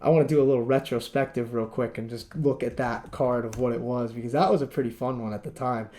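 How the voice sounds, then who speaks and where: A man's voice: medium pitch, fairly even intonation, fast, mellow. A man co-hosting a podcast, rambling casually and laughing often as he retells stories. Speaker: podcast co-host. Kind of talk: casual chat.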